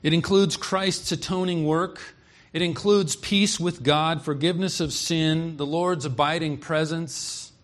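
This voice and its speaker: A man preaching from the pulpit in an earnest, emphatic way. His voice sits a touch higher than most men's. He reads scripture verses aloud and then explains them word by word. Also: steady tone, unhurried, fairly bright tone. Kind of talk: expository sermon.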